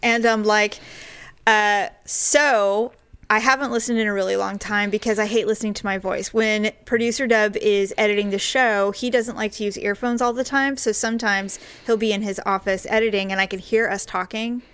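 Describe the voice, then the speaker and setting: A woman's voice: medium pitch, steady tone, normal speed, fairly bright tone, clean tone. A woman co-hosting a podcast in casual chat, candid and self-deprecating, often giggling. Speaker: podcast co-host.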